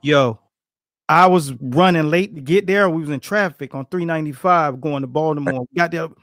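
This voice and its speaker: A man's voice: on the high side, moderate pace, a bit bright, no echo, clean studio sound. A middle-aged man, a boxing coach, tells stories in a casual interview, acting out quotes and laughing often.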